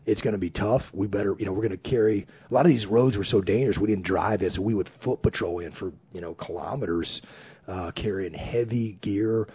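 Brief: husky, lowish male guest, animated storyteller, dull lo-fi audio. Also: fairly quick. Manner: animated, acts out quoted remarks in his telling. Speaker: podcast guest, former Navy platoon officer. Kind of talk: casual storytelling. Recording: dull lo-fi recording.

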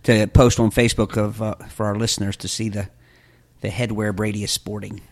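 A man's voice: fairly low pitch, flat delivery, a little fast. A man co-hosting a casual podcast, teasing his friends and chuckling often. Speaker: podcast co-host. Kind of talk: casual chat.

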